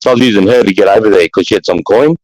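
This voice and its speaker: A man with an Australian accent telling a long anecdote in casual chat, profane and animated, with many restarts. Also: lowish voice, racing, dry recording, low-quality recording. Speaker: podcast storyteller.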